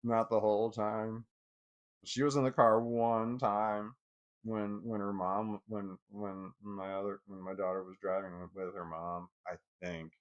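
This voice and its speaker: A man's voice: on the low side, flat delivery, measured pace, dull audio. A middle-aged man telling a personal story in casual vlog talk, rambling and profane, with many restarts. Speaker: vlogger.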